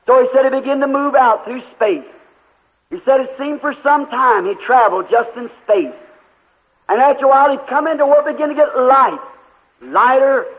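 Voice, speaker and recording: A male preacher delivering a sermon, telling a story fervently and drawing out emphatic phrases. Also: very high voice. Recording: tinny lo-fi recording with hall echo.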